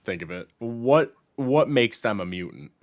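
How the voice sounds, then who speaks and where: A man's voice: mid-range voice, lively intonation, unhurried. A man on a podcast panel in casual chat, speaking hesitantly and asking questions.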